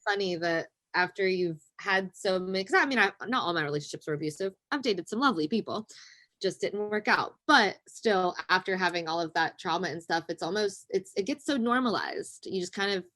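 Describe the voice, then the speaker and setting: A woman's voice: medium pitch, a bit bright. A woman in her twenties, a podcast guest speaking candidly and chattily about her own experiences. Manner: candid, chatty, sharing personal story. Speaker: interview guest. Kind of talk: interview conversation.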